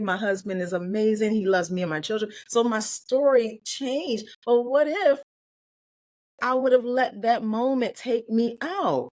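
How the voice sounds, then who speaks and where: A woman guest from Maryland telling a heartfelt personal story in an interview, emotional and close to tears, with quick earnest bursts. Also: medium pitch, no echo. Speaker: guest, life and business coach.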